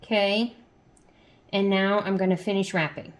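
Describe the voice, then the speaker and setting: A woman's voice: medium pitch, fairly even intonation, moderate pace. A woman teaching a hands-on craft step by step, patient and chatty, checking in with the viewer often. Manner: patient, repeats steps and checks in with frequent "okay?"; chatty and homey, with playful "ta-da". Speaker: crafter teaching sock machine knitting. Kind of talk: step-by-step tutorial.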